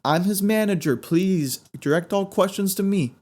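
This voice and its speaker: A tiny, frantic frog manager in a suit, as a man puts him on, pleading and fussing in a squeaky, high little voice. He sounds like a cartoon critter pushing to the front of a storybook crowd. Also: normal speed, darkish tone. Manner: pleading, fussy.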